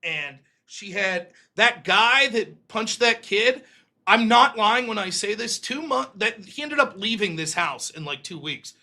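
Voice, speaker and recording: High, bright-voiced man telling stories. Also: lively intonation, measured pace. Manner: profane, rambling anecdotes with quoted voices. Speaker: host. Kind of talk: casual storytelling on a live stream.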